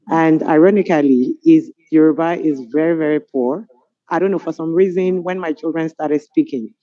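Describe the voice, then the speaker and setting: Nigerian woman telling stories on a panel call, dark mellow voice, dry dull lo-fi sound. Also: deep voice, no echo. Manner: storytelling, animated, amused. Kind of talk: webinar panel discussion. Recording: dull lo-fi video call audio.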